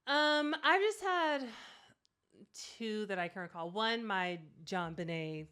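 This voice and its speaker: Podcast co-host, woman, smooth clear tone, easygoing and chatty. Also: medium pitch. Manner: relaxed, quick affirmations and laughter. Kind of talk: casual chat.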